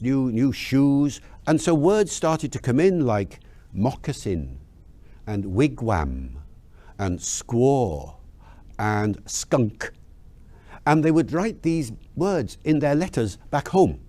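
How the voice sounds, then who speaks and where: A man explaining language change in an interview, telling lively anecdotes and asking rhetorical questions. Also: mid-range voice, dry recording. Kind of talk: explanatory storytelling.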